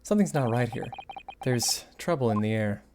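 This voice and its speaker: A man's voice: medium pitch, expressive, normal speed, noisy background. A man streaming a game playthrough, making wry, offhand asides.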